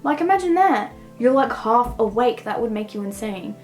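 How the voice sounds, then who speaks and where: A young woman with a somewhat high voice rambles through a casual book review, throwing "like" into nearly every thought. Faint music sits quietly under her talk. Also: lively intonation, normal speed, poor audio. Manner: rambling, heavy use of "like".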